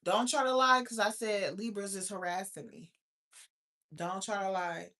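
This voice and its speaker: A woman's voice: medium pitch, normal speed. A woman in her thirties talks straight to her livestream viewers. She is blunt and profane, and she rants with a lot of energy as she reacts to their comments. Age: 30s. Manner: blunt, profane, animated ranting. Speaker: livestream host. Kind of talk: casual livestream chat reading viewer comments.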